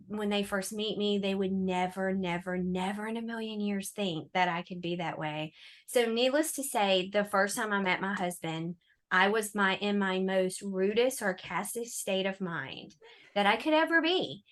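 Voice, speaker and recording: Bright-voiced woman telling stories. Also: mid-range voice, a little slow. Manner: animated, sarcastic, laughing storyteller. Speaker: podcast guest. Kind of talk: casual storytelling chat.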